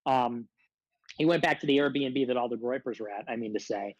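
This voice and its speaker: A man in the middle of a heated rant, pressing hard and demanding answers again and again. His voice sits at an ordinary male pitch. It is recorded close and dry, with no room sound. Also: brisk, dry recording, dull audio. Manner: confrontational, repeatedly demanding answers; self-described hothead. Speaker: guest on a political livestream.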